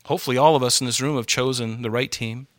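A man's voice: mid-range voice, steady tone, quick pace. A male pastor delivering a sermon to a congregation, conversational and worked up, driving his points home with emphatic repetition. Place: church hall with congregation.

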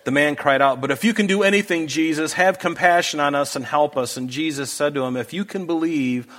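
Speaking a little high and fairly quickly, with a fairly bright tone, a pastor delivers a sermon to his congregation in a church hall. He is earnest and emphatic, pushing his hearers with pleading questions.

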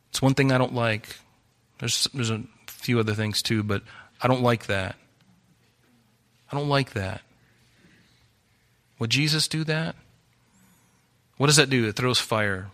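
Bright-voiced man preaching a fiery sermon. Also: mid-range voice. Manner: exhorting, repeats phrases for emphasis. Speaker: pastor.

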